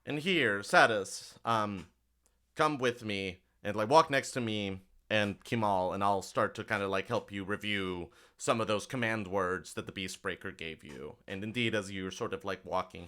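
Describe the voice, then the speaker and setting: A man's voice: lowish voice, normal speed, sharp tone. A man running a tabletop game as game master, talking loosely with many fillers and hedges.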